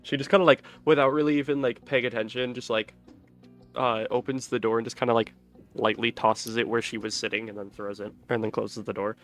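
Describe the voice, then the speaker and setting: Man, tabletop player, mid-pitched voice, easygoing and relaxed delivery. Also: a little fast, soft background music. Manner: easygoing, describes his character's actions. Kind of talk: casual tabletop play.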